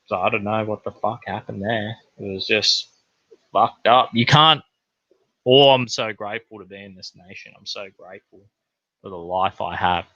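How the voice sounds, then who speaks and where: A young man talks in a loose, profane, meandering way, like a casual podcast host. His voice sits low but comes across punchy and bright. The recording is dull and lo-fi, with a very dry sound. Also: normal speed, dry recording. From New Zealand. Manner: rambling, profane, laid-back. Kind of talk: casual monologue.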